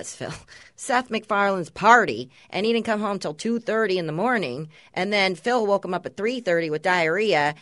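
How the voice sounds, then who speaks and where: A woman and mother co-hosting a podcast, chatting casually and telling stories with lively, acted-out quotes. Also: mid-range voice, dry recording, clean studio sound. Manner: animated storytelling, mimics others' voices. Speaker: podcast host. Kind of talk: casual chat.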